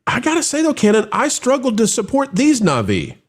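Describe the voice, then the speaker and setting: A man hosting a live film review show, talking in an animated, rambling way with frequent restarts. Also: very high-pitched, brisk.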